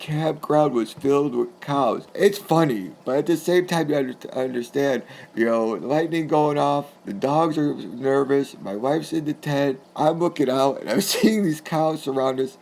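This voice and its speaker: Gravelly man from New England, chatty. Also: mid-range voice, measured pace, few pauses, a little mellow. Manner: chatty, rambling, laughs while telling. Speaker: storyteller. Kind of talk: casual spoken anecdote.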